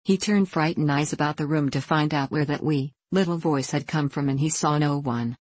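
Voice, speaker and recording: A woman narrating a classic children's storybook in a measured, plain manner. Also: low voice, darkish tone, breathy edge, dry recording. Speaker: audiobook narrator. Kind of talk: storybook reading.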